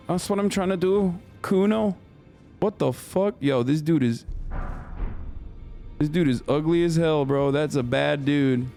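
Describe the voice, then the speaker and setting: A man's voice: a little high, unhurried, gravelly, dark tone. A male streamer giving loose, profane, joking commentary while playing a game live. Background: faint game music.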